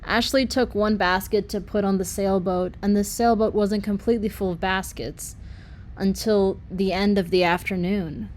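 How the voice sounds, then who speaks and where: A woman narrating her own fantasy story as an amateur audiobook, in a plain, steady reading. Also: medium pitch, moderate pace, slight background noise. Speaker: narrator and author.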